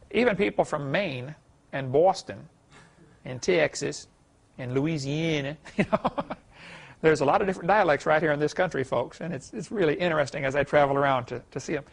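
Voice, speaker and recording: A man's voice: fairly high pitch, a little fast, gravelly, breathy edge. A middle-aged man giving a seminar lecture, folksy and chuckling at his own stories. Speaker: creation seminar speaker. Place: lecture hall.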